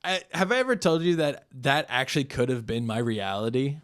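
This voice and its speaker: A man co-hosting a podcast, pitching a movie in casual comedic chat and slipping into goofy put-on voices. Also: animated, fairly quick. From born in Japan. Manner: playful, slips into goofy put-on voices and shouts.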